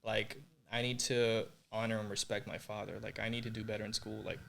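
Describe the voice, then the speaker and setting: A man's voice: on the low side, little pitch movement, brisk, vocal fry, a bit bright. A young man from Puerto Rico telling his personal faith story as a podcast guest, earnest and emotional, full of "like" and "you know".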